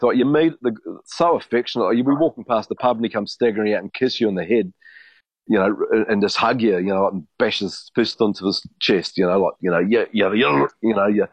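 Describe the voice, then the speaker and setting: A man's voice: lowish voice, fairly quick, no echo. A man in his fifties from New Zealand, telling long rambling stories in a casual chat, with frequent restarts and swearing. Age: 50s. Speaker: podcast co-host. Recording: dry, muffled podcast audio.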